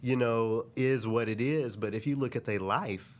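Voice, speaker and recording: A man's voice: medium pitch, moderate pace, slight background noise. Laid-back joking man hosting a chat. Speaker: podcast host. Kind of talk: casual chat.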